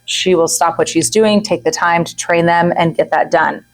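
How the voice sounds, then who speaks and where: A woman's voice: fairly low pitch, moderate pace, few pauses, rough recording. Chatty woman coaching a group. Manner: chatty, animated, acts out quoted people; frequent "right?" and "okay?" asides. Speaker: real estate coach. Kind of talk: masterclass talk to a group.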